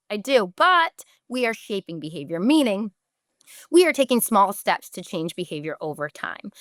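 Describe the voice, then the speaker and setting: A woman's voice: on the high side, fairly bright tone, no echo, studio quality. A woman, a podcast host giving direct, emphatic parenting advice and briefly acting out what parents and children say.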